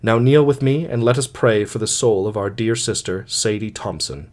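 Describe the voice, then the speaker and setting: A man's voice: lowish voice, normal speed, darkish tone, close to an everyday voice. Brief: a man doing an unbending male missionary, hard and preachy, middle-aged. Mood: solemn.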